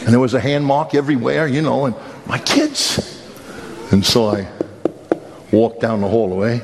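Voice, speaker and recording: Animated man preaching in a reverberant hall. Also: mid-range voice, moderate pace, long pauses. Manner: animated, self-mocking storyteller with sudden emphatic rises. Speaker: pastor. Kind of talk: sermon with humorous storytelling. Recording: long hall reverb, faint background noise.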